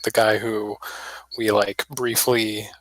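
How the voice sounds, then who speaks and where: A man's voice: on the low side, level tone, a bit bright, dry recording, low-quality recording. A man playing a tabletop game in casual chat, hesitant and full of fillers. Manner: hesitant, filler-heavy, slow. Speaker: player.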